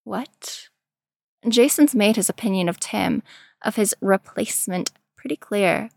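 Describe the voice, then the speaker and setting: A woman reading a story aloud in a slow, measured storytelling manner. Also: medium pitch, vocal fry, a little mellow, no echo. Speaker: narrator. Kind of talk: fan fiction reading.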